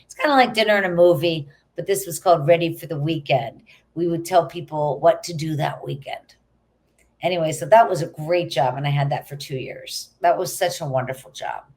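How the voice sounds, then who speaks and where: A middle-aged actress chatting as a guest in an interview, telling stories in an animated way. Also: female voice, sits low, a little fast. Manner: chatty, animated storytelling with quoted asides. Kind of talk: casual interview chat.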